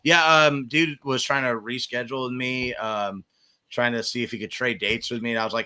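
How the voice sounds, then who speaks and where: A man's voice: mid-range voice, steady tone, moderate pace, pushed and bright, smooth. A man hosting a casual chat, reading out viewer comments, laughing often and swearing freely. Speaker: host.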